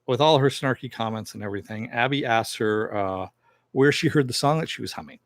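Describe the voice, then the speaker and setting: A man's voice: medium pitch, a little fast, dry recording, studio quality. A man hosting a casual TV episode recap and review, talking loosely with lots of fillers and jokey asides.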